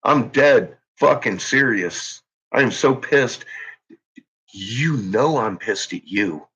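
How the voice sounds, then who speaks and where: His mid-range voice is expressive and slow, fairly bright with a slightly rough texture. The man, who runs his own channel, rants furiously into the camera, tense and jittery, spitting profane threats. The lo-fi audio is dull.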